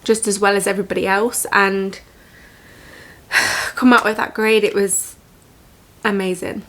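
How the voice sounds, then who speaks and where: A young woman talks straight to camera in a personal storytime vlog. She sounds earnest and reflective, pausing and restarting as she works through emotional memories. Her tone turns motivational and heartfelt. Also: medium pitch, level tone, fairly bright tone. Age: 20s. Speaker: vlogger.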